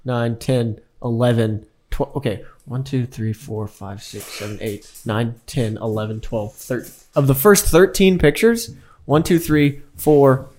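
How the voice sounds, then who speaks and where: A man's voice: mid-range voice, measured pace, darkish tone. Young man teasing crudely on a podcast. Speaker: podcast co-host. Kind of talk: casual chat.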